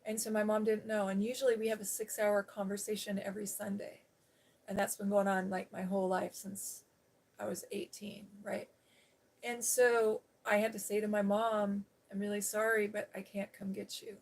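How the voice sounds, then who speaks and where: A woman's voice: medium pitch, little pitch movement, moderate pace. Woman telling a rambling personal story. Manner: rambling, storytelling, quoting others with changes of tone. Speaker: ASMR channel host. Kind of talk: casual personal talk on a live stream. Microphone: seated on a day bed, live stream.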